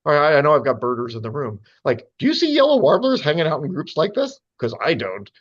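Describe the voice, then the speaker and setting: A man's voice: a little high, huge pitch swings, quick pace, breathy edge, muffled recording. A man giving a casual, chatty lecture with slides to a group of birders, full of fillers and playful asides. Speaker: speaker giving a talk to birders.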